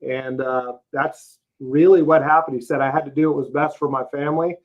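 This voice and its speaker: On the high side, his voice keeps fairly even intonation at a moderate pace. As a guest in a casual interview, this fifty-something Texas roofing CEO walks through his career in a folksy, plain-spoken manner peppered with "uh" and "you know," over slightly dull, lo-fi podcast audio.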